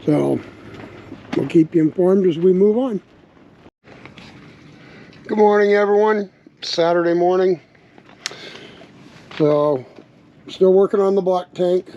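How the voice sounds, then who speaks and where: A high-pitched man narrates a casual vlog outdoors, musing aloud as he works on a tank for his truck while living out of an RV. There's a slight bark in his voice, and wind noise fills the dull, lo-fi audio from the breezy campsite.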